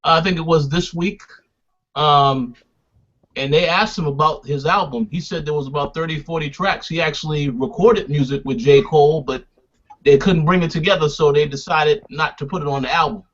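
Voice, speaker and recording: Panelist, man, easygoing and measured, slightly high, dull lo-fi sound. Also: fairly bright tone. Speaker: podcast panelist. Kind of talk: casual hip hop podcast chat. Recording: dull lo-fi mic.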